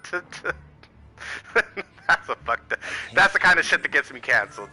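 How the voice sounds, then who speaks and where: A man's voice: on the high side, animated, moderate pace, pauses often, sharp tone, low-quality recording. An American man giving a heated, profane political rant to camera, firing off rhetorical questions. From United States. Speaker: channel host.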